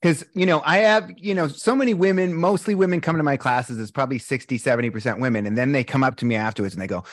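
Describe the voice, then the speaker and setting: A mid-pitched man talks openly and with feeling as a guest on a chat show. He tells his stories with energy and slips into other people's voices. His voice sits close and dry, with no room sound. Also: quick pace, few pauses, no echo. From Boston, USA. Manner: animated storytelling, candid and emotional, acts out quotes. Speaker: breathwork instructor, podcast guest. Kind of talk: casual interview chat.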